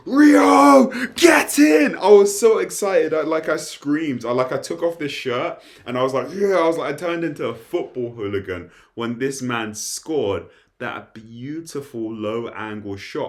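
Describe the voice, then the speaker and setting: A young man reviewing an anime episode in excitable, rambling casual chat, often breaking into laughter. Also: on the low side.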